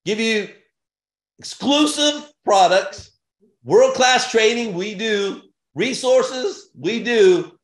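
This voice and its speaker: A man giving an energetic business opportunity pitch in punchy, repetitive short phrases with bursts of excitement. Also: slow pace. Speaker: sales presenter. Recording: roomy echo.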